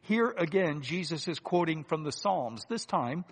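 A man's voice: a little high, expressive, breathy edge. Earnest preacher man in a reverberant hall. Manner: deliberate and earnest, swings between loud emphasis and hushed asides. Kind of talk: sermon.

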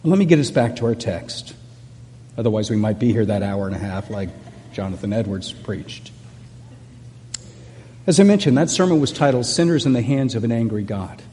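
A middle-aged pastor preaches in a church sanctuary, earnest and conversational, circling back over his words as he goes. His voice is mellow and rather dark in tone, and it rings out with a long reverb through the hall. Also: medium pitch, animated, normal speed, pauses often. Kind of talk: sermon.

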